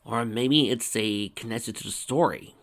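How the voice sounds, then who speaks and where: A man's voice: mid-range voice, normal speed, fairly bright tone. A man casually reading a fan story aloud and breaking off for wry, rambling asides. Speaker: fanfiction reader and commentator.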